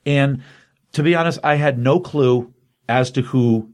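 A middle-aged man hosts a casual chat, excitedly retelling a comic book story in a rambling way full of fillers. His voice is medium-pitched and his pace measured.

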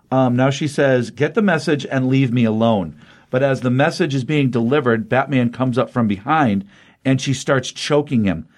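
Chatty man retelling a comic plot. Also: medium pitch. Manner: enthusiastic, rambling retelling with fillers and paraphrased quotes. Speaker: podcast co-host recapping comics. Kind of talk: casual comic book recap.

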